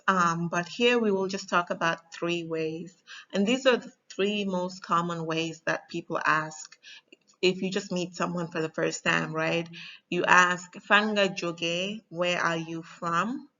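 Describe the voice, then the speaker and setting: A woman's voice: fairly low pitch, bright, forceful tone, lo-fi sound. Patient woman teaching a language lesson. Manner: patient, slow, with frequent ums and spelled-out examples.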